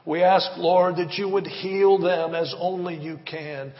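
Fervent high-voiced pastor in a church hall. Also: male voice, steady tone, measured pace. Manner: fervent, rhythmic, repeating appeals. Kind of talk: sermon with prayer. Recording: reverberant, dull church recording.

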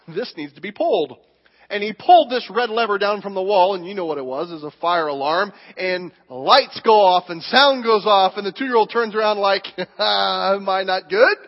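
A male pastor preaching a sermon in a church, telling stories with emphatic, animated delivery. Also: high voice. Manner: animated, emphatic storytelling with acted quotes. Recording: dull recording with long hall reverb.

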